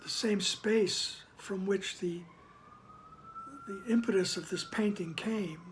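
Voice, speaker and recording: A man reading a spiritual text aloud with reflective commentary. He is soft-spoken, often sinks to a whisper, reads slowly and with emphasis, and keeps checking in with the listener. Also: high voice, slight background noise. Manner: slow, emphatic reading of passages. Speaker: spiritual text reader and teacher.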